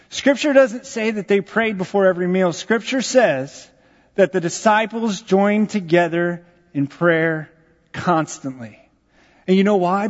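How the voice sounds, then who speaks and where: A young man preaching a sermon as pastor, swinging from quiet asides to loud, emphatic lines. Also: high voice. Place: church sanctuary. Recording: dull sound, long hall reverb.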